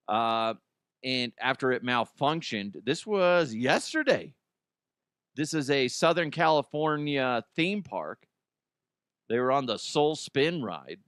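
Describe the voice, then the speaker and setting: A man's voice: medium pitch, a bit bright, clear, resonant tone, no echo, clean studio sound. A man hosting a comedic news chat, joking, swearing freely and acting out silly voices. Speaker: host.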